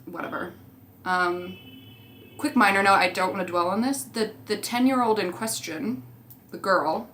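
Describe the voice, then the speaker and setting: A woman's voice: mid-range voice, measured pace, a bit bright, a little hiss or hum. A young woman chatting casually as a vlogger, rambling through tangents and swearing freely. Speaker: movie rewatch vlogger. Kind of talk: casual chat.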